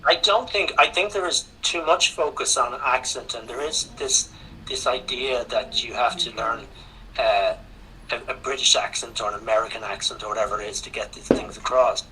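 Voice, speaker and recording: Bright-voiced man answering questions. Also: medium pitch, moderate pace, a little hiss or hum, poor audio. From Ireland. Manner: relaxed, repeats words as he thinks. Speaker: guest speaker on English teaching. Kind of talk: answering questions in an online seminar.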